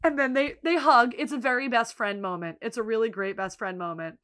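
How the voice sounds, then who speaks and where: A young adult woman co-hosting a podcast, recapping scenes in a lively storytelling way and breaking into laughs. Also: fairly high pitch, fairly quick. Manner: animated storyteller, acts out lines with laughs. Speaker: podcast co-host. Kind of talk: casual podcast chat, retelling scenes.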